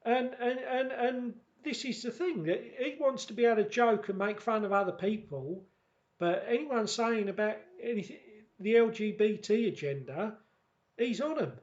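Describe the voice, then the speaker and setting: A man vlogging a casual, reminiscing monologue who talks haltingly and often repeats words and restarts. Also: high-pitched, highs cut off.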